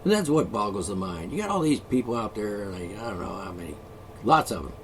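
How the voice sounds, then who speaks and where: A man's voice: on the low side, very animated, fairly quick, slight background noise. A man vlogging an angry solo rant, profane, sarcastic and mocking.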